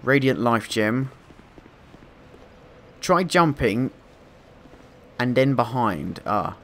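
A man commentating a game playthrough, excitable and swearing, quick to panic and laugh at himself. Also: medium pitch. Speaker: gameplay commentator. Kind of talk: let's play commentary.

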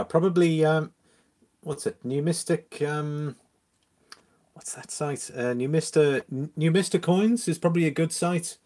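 A man hosting a casual live stream from home, reading viewer comments aloud, greeting people by name and chuckling between messages. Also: mid-range voice. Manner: chatty and relaxed, greets viewers and chuckles often. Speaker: livestream host.

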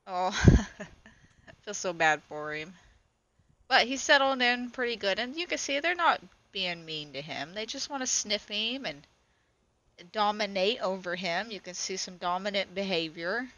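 A woman with a bright, clear voice gives casual commentary on her goat-farm videos. She is chatty and affectionate, cooing over the animals as she talks. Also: medium pitch, lively intonation, a little slow, low-quality recording.

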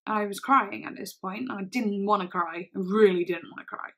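Halting young woman telling a story. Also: medium pitch, gravelly, a bit bright. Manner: halting, full of "like" and restarts. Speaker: vlogger. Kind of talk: casual storytelling.

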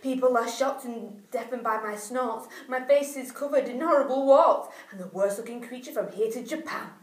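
A woman's voice: on the high side, normal speed, reverberant, far from the mic, close to an everyday voice. Woman reading as a bragging warthog. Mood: boastful. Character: bristly warthog, snorting and proud.

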